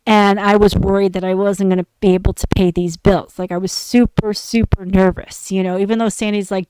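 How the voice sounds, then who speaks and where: A woman hosts a casual podcast, spilling a personal story in a frank, foul-mouthed way. She acts out the lines of the people she quotes. Her voice is smooth and clear, recorded close in a dry, dead space. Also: medium pitch, level tone, normal speed, few pauses, no room sound, poor audio. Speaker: podcast host.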